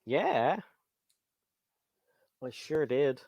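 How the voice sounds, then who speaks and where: A man's voice: medium pitch, very animated, extremely slow, gravelly, darkish tone, no echo, dull audio. A man with a British accent hosting a casual livestream chat, rambling and reading viewer comments aloud. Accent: British English. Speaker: livestream host.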